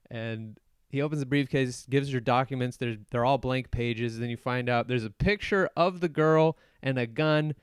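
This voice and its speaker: A man hosting a podcast alone, casually recapping a film with jokes, laughs and quick put-on voices for the characters. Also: mid-range voice, clear, resonant tone, no room sound, clean studio sound. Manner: joking, acts out movie characters in quick voices; laughs often while retelling. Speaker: podcast host. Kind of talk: solo casual movie recap.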